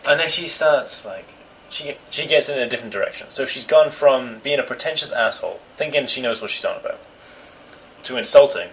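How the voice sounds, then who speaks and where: A man's voice: medium pitch, animated, fairly quick, fairly bright tone, a little hiss or hum, rough recording. A young man telling a story in casual chat, swearing freely and acting out the other people's voices.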